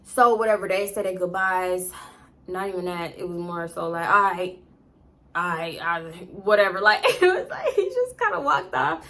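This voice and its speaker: A young woman telling a story casually, animated, profane and laughing between asides. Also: medium pitch, normal speed, gravelly. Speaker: storytime vlogger.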